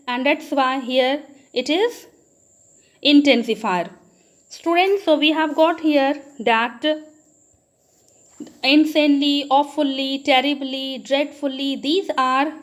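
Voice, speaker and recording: Slow, high-voiced Indian woman teacher. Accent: Indian English. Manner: repeatedly addresses students and asks then answers her own questions. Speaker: school teacher. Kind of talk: classroom grammar lesson.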